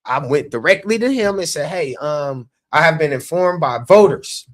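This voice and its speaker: Man, Chicago accent, higher pitch, casual podcast chat, animated storytelling. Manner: animated, acts out quoted dialogue. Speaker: podcast guest, election candidate.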